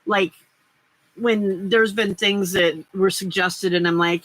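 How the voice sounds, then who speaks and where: Woman, middle-aged, live-stream host, casual rambling chat, crisp bright tone. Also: medium pitch, steady tone, slow pace, rough recording. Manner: chatty, rambling, answers chat comments, laughs often. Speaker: livestream host.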